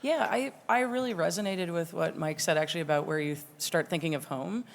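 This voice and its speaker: A woman's voice: on the low side, fairly quick, vocal fry, in a large hall. A woman scientist speaking earnestly and enthusiastically on a live panel, with casual "like" and "right" fillers. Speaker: scientist guest. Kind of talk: panel discussion on stage.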